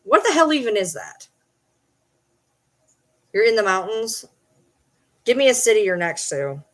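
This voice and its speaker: A woman's voice: medium pitch, sing-song, unhurried, fairly bright tone. A woman chatting casually on a late-night livestream from home, blunt, rambling and swearing freely.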